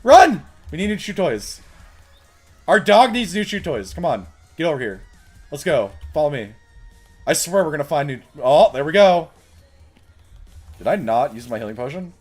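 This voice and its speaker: A fairly high, very animated male voice swinging between shouts and mutters as he streams a game. He laughs often and yells eagerly. Faint game music plays underneath. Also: normal speed, long pauses. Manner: excitable, yelling commands at a pet and laughing. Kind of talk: live gameplay commentary.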